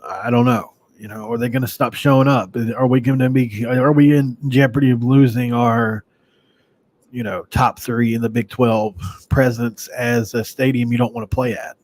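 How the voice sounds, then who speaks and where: A man's voice: mid-range voice, steady tone, moderate pace, darkish tone. A man from West Virginia hosting a casual sports podcast, rambling conversationally with sighs and restarts. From Mingo County, West Virginia, USA.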